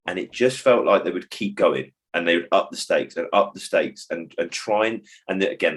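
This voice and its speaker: A man who works as a behaviour support trainer, talking in a reflective, digressive way on a podcast and acting out phrases as he goes. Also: deep voice. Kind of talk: podcast conversation.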